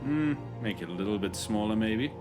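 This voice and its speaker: A man's voice: fairly low pitch, expressive, a little fast, over music. A man live-streaming, chatting casually and jokingly with his chat, with many restarts.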